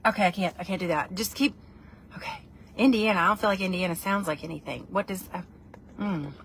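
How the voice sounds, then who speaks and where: Bright chatty woman on a livestream, rambly, laughs at herself, faint room hum behind. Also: fairly low pitch, a little fast. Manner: chatty, rambling and self-deprecating. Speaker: livestream vlogger. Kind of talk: casual live chat with viewers.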